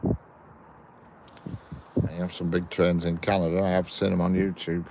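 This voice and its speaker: Northern English man, trackside live chat, rambling, very low pitch, gravelly, faint outdoor background. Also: little pitch movement, slow, a little mellow, slight background noise. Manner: chatty, rambling, answers viewers one by one. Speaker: trainspotting livestream host. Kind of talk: casual chat reading live messages. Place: outdoors by a railway line. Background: birds and outdoor ambience.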